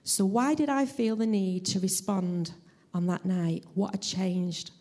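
A woman preaching a church sermon in an earnest, heartfelt, measured way and sharing her own testimony. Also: medium pitch, dark tone. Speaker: lay preacher. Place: church service.

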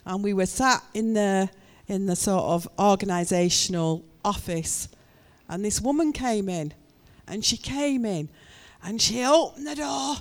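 A woman sharing an animated story as a speaker in a talk. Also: medium pitch, unhurried. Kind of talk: testimony in a talk.

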